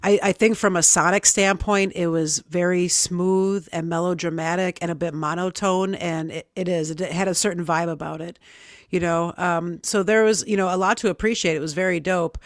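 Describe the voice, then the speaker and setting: A woman co-hosting a hip hop review, giving measured, thoughtful opinions. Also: fairly low pitch, fairly even intonation, no room sound, studio quality. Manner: measured, thoughtful, some fillers. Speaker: co-host reviewer. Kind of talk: casual music review chat.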